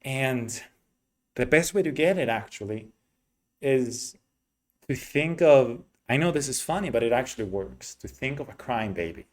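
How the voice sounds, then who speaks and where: A man gives an English pronunciation lesson, explaining things slowly and repeating vowel sounds to demonstrate them. His voice is medium in pitch and expressive.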